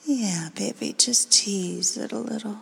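A woman in a whispered role-play, giving slow, coaxing commands in a breathy whisper. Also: mid-range voice. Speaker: ASMR performer.

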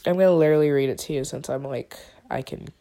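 Her voice quick-paced and mellow, a young woman with a blocked nose gives a rambling, candid and profanity-laced personal voice update following a long, emotional day. She lurches between quiet, low mumbling and high, teary outbursts.

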